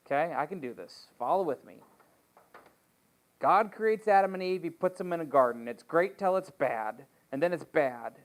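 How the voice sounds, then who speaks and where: A man with a slightly high voice leads a Bible study as pastor. He reads scripture and retells the story in a joking, conversational manner full of playful asides.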